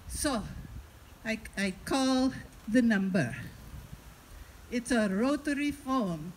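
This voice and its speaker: A woman performing a stand-up comedy story on stage, chatting with the audience and dropping deadpan asides. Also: a little high, takes it slowly, long pauses, background noise.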